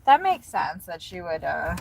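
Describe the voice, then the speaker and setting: Lady chatting slow with her stream from the car, swears a bit, engine rumble behind. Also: sing-song, gravelly. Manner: chatty, swears casually, talks to chat. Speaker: delivery driver livestreamer. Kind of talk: casual chat while driving. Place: inside a car.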